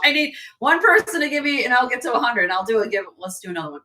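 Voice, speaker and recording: Bright, chatty woman hosting a live sale. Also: on the high side, sing-song, fast talker, few pauses. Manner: chatty, laughs often. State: losing her voice. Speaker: host and jewelry seller. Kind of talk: casual live-stream sale chat.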